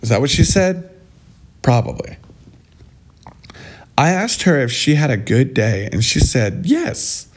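A man's voice: medium pitch, big pitch swings, unhurried, pauses often. A man vlogging sarcastic, mocking commentary on posts he reads aloud.

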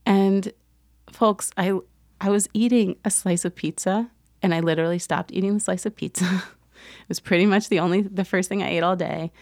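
A woman host telling a personal story in a casual monologue, animated and often laughing as she acts out other people's lines. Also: medium pitch, moderate pace, dry recording, clean studio sound.

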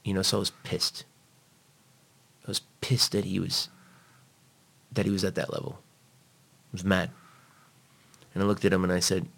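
A man being interviewed, telling a personal story in a blunt, profane, animated way. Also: deep voice, normal speed, gravelly, pauses often.

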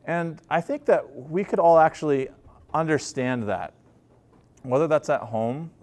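A man's voice: a little high, a little slow, a little mellow. A man preaching a sermon in a conversational storytelling way, with frequent fillers and restarts. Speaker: pastor.

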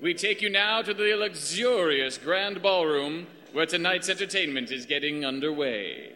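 A man's voice: fairly high pitch, expressive, normal speed, sharp tone, big-room sound. A man narrating a radio drama in a theatrical, announcer-like manner.

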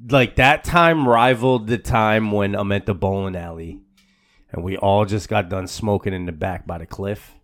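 A podcast co-host with a lowish, fairly bright voice tells a story at a moderate pace in casual chat. He's slangy and profane, rambling with many restarts and repeated words, and says "bro" a lot.

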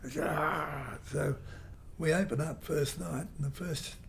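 An older man telling a rambling, animated story in an interview. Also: a little high, a little slow, creaky, slight background noise. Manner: rambling, animated storyteller who mimics guitar sounds. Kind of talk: reminiscing anecdote.

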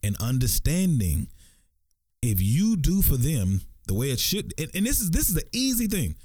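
A man's voice: fairly high pitch, wildly swooping pitch, normal speed, dark tone, no echo, clean studio sound. A man, co-hosting a podcast in casual chat and acting out quotes in put-on voices. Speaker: podcast co-host.

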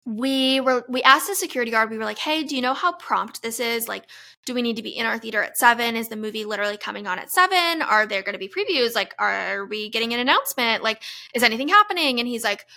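A young woman hosting a podcast, telling a long, excited story full of fillers and gushing asides. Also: a little high, quick pace, gravelly. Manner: gushing, breathless fan recap with many fillers. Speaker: podcast host.

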